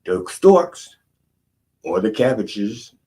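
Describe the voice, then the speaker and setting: Deep husky male host, rambling irreverent storyteller, comedic monologue. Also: big pitch swings, very slow, dark tone. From Baltimore. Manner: rambling, self-interrupting, irreverent.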